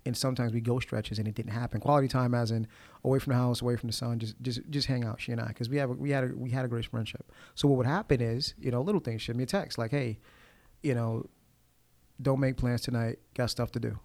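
A man who talks quickly in a gravelly voice, lively and expressive. He often restarts his sentences and acts out what other people said. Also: mid-range voice. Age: adult, formerly married nine years. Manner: animated, acts out quoted lines. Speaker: guest poet. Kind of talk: casual conversation.

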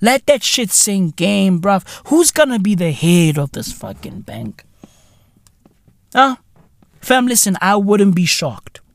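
Male podcast host, slow-paced, animated and exasperated, cursing and sarcastic. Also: sits high, vocal fry, no echo, clean studio sound. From South Africa. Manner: profane, sarcastic, exasperated ranting with slang. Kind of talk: solo podcast commentary rant.

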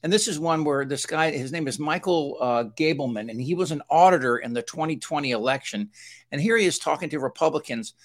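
A man's voice: a little high, brisk. A man hosting a political talk show, chatty and loose, with frequent restarts. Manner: chatty, laughing, many restarts. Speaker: radio talk show host.

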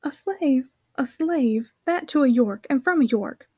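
A woman's voice: high voice, expressive, a little slow, no room sound, muffled recording. A woman voicing a proud, quarrelsome young boy who speaks with haughty indignation. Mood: indignant.

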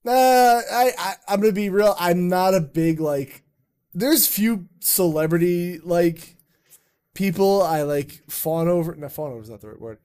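A man's voice: high voice, unhurried, a little mellow, smooth. A man hosting a casual podcast chat, rambling and joking with plenty of swearing. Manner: rambling, swearing, loose and jokey. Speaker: podcast host.

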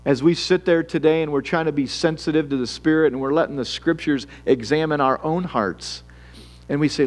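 A man's voice: on the high side, fairly quick. A man preaching a sermon in an earnest, conversational way, acting out worried prayers and reading Scripture aloud. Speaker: pastor.

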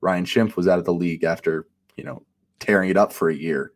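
A man co-hosting a casual sports chat, relaxed and analytical, with many fillers like um and you know. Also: deep voice, brisk. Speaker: podcast co-host and fantasy analyst.

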